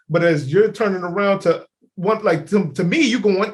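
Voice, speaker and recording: A man's voice: sits high, normal speed. A man co-hosting a podcast in casual chat, rambling with many fillers and speaking emphatically. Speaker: podcast co-host.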